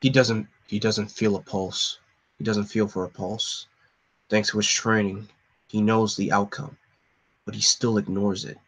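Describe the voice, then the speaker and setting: A man's voice: on the low side, fairly even intonation, measured pace, a bit bright. A young man hosting a live comic reading, talking casually and hesitantly with fillers. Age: young adult. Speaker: host reading a comic aloud.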